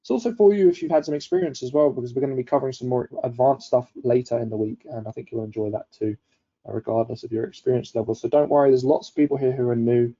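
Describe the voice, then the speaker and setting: A man's voice: mid-range voice, fast talker, warm tone, muffled recording. A man hosting a live online coaching session, upbeat and chatty, reading out viewers' comments as he goes. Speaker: webinar host.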